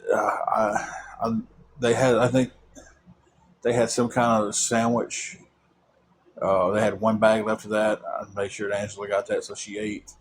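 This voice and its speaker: A man's voice: on the low side, little pitch movement, a little slow, pauses often, husky. A young man telling a long personal story in a rambling way, with many fillers and repeated words.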